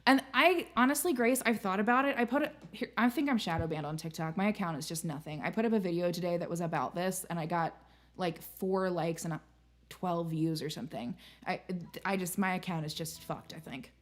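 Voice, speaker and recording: A woman's voice: fairly low pitch, fairly quick. A young adult woman hosting a live stream, chatting candidly and swearing casually as she reads messages. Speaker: streamer and host.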